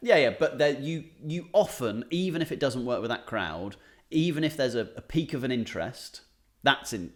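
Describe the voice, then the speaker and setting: A man's voice: medium pitch, a bit bright. A man, a comedian and podcast co-host, chatting casually and telling a rambling story with restarts. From England. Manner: rambling, self-interrupting storyteller. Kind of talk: casual chat.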